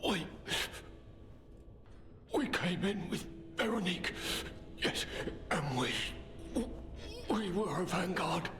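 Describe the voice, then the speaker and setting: A man's voice: sits high, animated, slow pace, pauses often, heavily acted. An actor playing a frightened, half-drugged male survivor in a video game, pleading and rambling in broken, repeated words. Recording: game audio over loud ambient noise.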